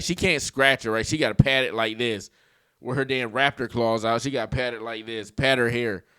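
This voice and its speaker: A man's voice: medium pitch, fairly bright tone, smooth, dry recording, studio quality. A man hosting a casual reaction video, telling stories with lots of swearing and laughing at the clips.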